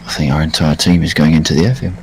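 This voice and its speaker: A man's voice: a bass voice, steady tone, fast talker, a little mellow, slight background noise. A man in a flight sim calling out spotted planes to his teammates over headset chat. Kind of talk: casual gaming chat.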